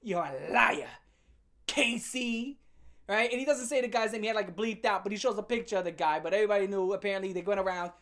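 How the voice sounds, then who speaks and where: A woman's voice: medium pitch, steady tone. Brief: female commentary host, brash profane rant, slangy and blunt. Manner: blunt, fast-shifting, heavy swearing and slang.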